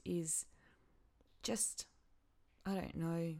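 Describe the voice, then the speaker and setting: A grieving woman talks alone into her podcast mic, her voice low and unhurried. She stops and repeats herself often as she searches for words. It is a personal, unscripted monologue. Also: fairly even intonation, darkish tone. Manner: halting, emotional, repeats herself. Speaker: podcast host.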